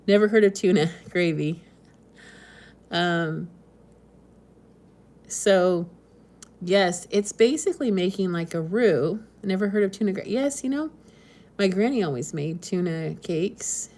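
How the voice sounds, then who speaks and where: A woman's voice: fairly low pitch, unhurried, pauses often, a little mellow. A woman from the West Coast hosting a casual live stream, chatting and reading viewer comments in a meandering way with frequent ums and small laughs. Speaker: homesteading channel host.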